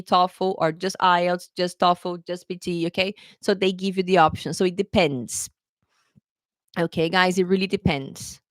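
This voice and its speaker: A woman's voice: lowish voice, no echo. A woman tutoring English test takers in a casual live question-and-answer lesson, chatty and often adding "okay, guys".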